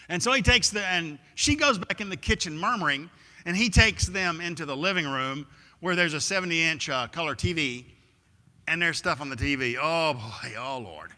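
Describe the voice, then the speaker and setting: A male preacher spins a vivid story during a sermon and acts out the scenes as he goes. His voice is bright and sharp, a bit higher than average, and it reverberates through a church. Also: normal speed. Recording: echoey church hall.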